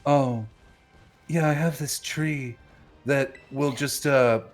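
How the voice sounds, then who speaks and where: A man putting on the voice of a calm, merciless young male anime fighter, casual and unbothered. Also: medium pitch, slow pace, soft background music, pitched above the performer's own voice, natural voice. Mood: breezy.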